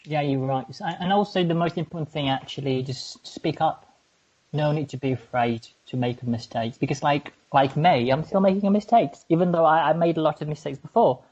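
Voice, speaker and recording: A man's voice: on the high side, a little fast, a little mellow, breathy edge, highs cut off. A man with a British-leaning English accent, co-hosting a casual podcast chat, talking hesitantly with many fillers and restarts. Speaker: podcast co-host.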